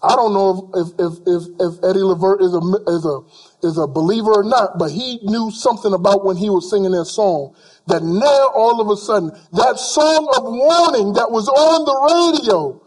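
A man a sermon in a strikingly high voice. He hammers points home by repeating lines and slips into casual speech as he acts out everyday people. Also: lively intonation, normal speed. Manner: emphatic, repeats phrases for emphasis, voices imagined people. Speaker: preacher.

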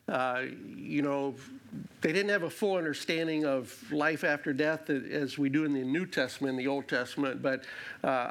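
A man's voice: on the high side, fairly bright tone. A man teaching through a Bible passage verse by verse, reading it aloud and explaining it in a conversational way with many fillers and restarts.

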